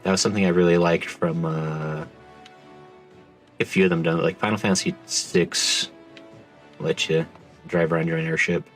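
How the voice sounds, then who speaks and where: A man's voice: low voice, fairly even intonation, moderate pace, pauses often, fairly bright tone, faint music behind. A man streaming a game and commenting in a dry, sarcastic, offhand way. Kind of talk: gaming livestream commentary.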